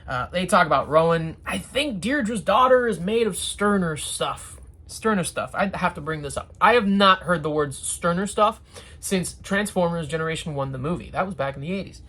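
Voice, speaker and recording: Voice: medium pitch, expressive, normal speed, fairly bright tone. A TV reviewer chatting casually through an episode, with sarcastic asides and rambling restarts.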